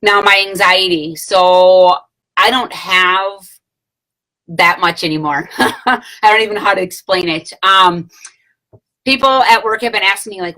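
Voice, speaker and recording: A woman's voice: medium pitch, fairly even intonation, measured pace, sharp tone, poor audio. A woman in her late thirties chatting casually to camera, rambling with many fillers and self-corrections and small laughs. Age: late 30s. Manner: laughs between phrases. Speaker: vlogger sharing a product testimonial.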